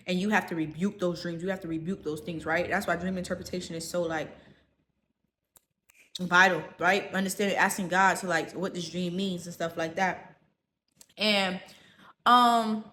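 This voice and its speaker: Young woman vlogger, mid-pitch voice, loose chatty delivery while eating. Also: a bit bright. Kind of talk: casual rant to camera.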